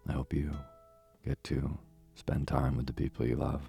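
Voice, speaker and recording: A young man reading a bedtime story in an extremely deep, flat voice, slow and calm. The voice is close and dry, with faint guitar music behind him. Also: creaky. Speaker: bedtime story host and narrator.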